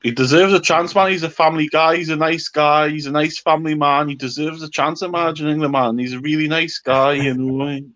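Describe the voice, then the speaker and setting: A man's voice: a little high, steady tone, a little fast, hardly any pauses, a bit bright, lo-fi sound. A man hosting a casual live stream, giving rambling, opinionated takes full of restarts.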